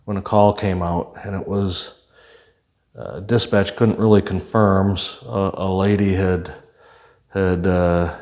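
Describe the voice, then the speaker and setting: Deep-voiced retired cop telling stories. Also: male voice, level tone, takes it slowly, darkish tone. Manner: plain-spoken, many fillers and restarts. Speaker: retired police officer, guest. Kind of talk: conversational storytelling.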